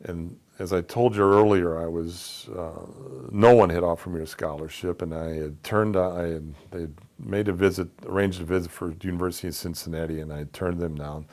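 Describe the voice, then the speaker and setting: A man's voice: low-pitched, steady tone, brisk, few pauses, darkish tone. A man telling a personal story in a casual, conversational way, acting out the voices of people in it. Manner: conversational, acts out quoted dialogue. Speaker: speaker telling his life story.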